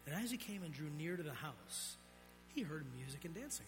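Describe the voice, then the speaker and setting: A man preaching a sermon, swinging between loud emphatic peaks and low, quiet drops. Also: sing-song, brisk, music in the background. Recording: long reverb of a large hall.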